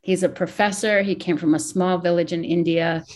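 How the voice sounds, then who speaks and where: A woman's voice: on the low side, fairly even intonation, normal speed, a little mellow. Candid, emotional woman author. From Hawaii. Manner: candid, emotional, thinks aloud. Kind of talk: interview, reflective talk.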